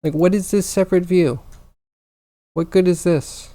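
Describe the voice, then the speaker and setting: A man's voice: high-pitched, steady tone, measured pace, warm tone. A man livestreaming as he works on a computer, venting his frustration aloud to his viewers in casual chat.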